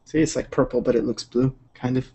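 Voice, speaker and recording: A man's voice: medium pitch, steady tone, a little fast, vocal fry, warm tone, slightly rough. A man chatting casually while drawing on a livestream, laid-back and rambling with many fillers. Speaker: digital artist streaming.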